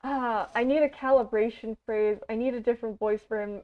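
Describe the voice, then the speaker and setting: A woman's voice: a little high, fairly even intonation, brisk, hardly any pauses. A Canadian woman streaming a game, chatting casually in a rambling, self-deprecating way with lots of fillers. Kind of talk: casual let's-play chat. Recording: dull lo-fi stream audio.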